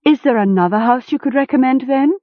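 A woman's voice: high voice, brisk, dry recording, voice pushed up. Woman doing a small nervous young traveller. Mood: hasty. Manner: hasty, eager. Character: small young male wayfarer, plucky but nervous. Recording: tinny phone-like sound.

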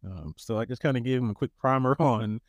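A man's voice: medium pitch, a little fast, no room sound. A man co-hosting a podcast in a laid-back, joking way, often restarting his words. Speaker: podcast co-host. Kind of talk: casual chat.

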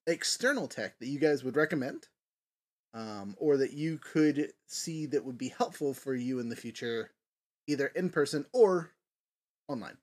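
A man hosting a casual tabletop gaming podcast, rambling with many fillers. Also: fairly high pitch. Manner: rambling, filler-heavy, lively. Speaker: podcast host. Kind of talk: casual chat.

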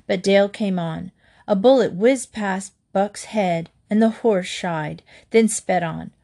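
A woman narrating a children's western storybook in a steady, expressive reading. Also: medium pitch. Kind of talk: storybook read-aloud.

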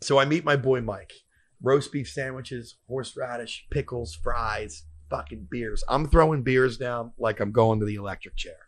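A man's voice: medium pitch, moderate pace. A man hosting a comedy podcast who tells a rambling story with lots of profanity.

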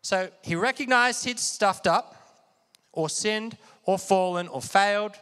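Man, preacher, conversational sermon, high voice, long hall reverb. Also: unhurried, bright, forceful tone, clean tone. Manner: conversational, asks the audience questions often.

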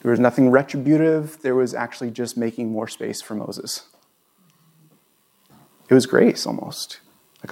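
A man's voice: medium pitch, moderate pace, pauses often, warm tone. A male pastor preaching a conversational sermon in a church, asking the congregation questions as he goes. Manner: conversational, asks the audience questions.

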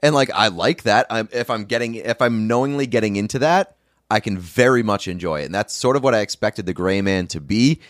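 Casting note: male host with a lowish voice, loose rambling talk, dry room. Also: brisk, dry recording. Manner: rambling, filler-heavy, relaxed swearing. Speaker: podcast host. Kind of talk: casual chat.

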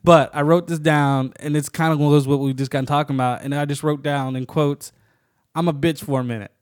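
A man's voice: on the high side, fairly even intonation, brisk, no echo, clean studio sound. Joking, rambling podcast co-host man. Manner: playful, laughs a lot, rambling. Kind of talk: joking casual chat.

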